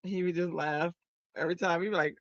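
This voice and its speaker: A woman hosting a crafting stream, chatting casually and telling stories in an animated way while she works. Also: fairly low pitch, fast, no room sound, lo-fi sound. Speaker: crafting channel host.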